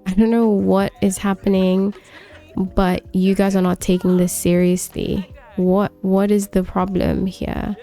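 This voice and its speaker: A woman's voice: mid-range voice, flat delivery, unhurried, mellow, soft background music, close to an everyday voice. Derek, a woman voicing an accusing young man. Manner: pleading, accusing. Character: young man confronting parents over uncle's death.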